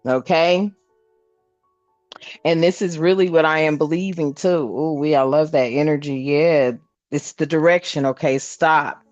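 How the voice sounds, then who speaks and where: Casual spiritual reader, woman, lowish voice, quick to laugh, close dry sound. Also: fairly even intonation, dry recording, soft background music. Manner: laughs a lot, talks to viewers as family. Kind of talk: casual spiritual card reading.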